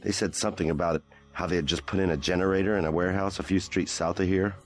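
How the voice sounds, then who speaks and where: A man's voice: low-pitched, steady tone, fast, natural voice. An actor playing a male civilian in a video game who passes on a helpful tip, earnest and eager. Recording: game audio with faint music.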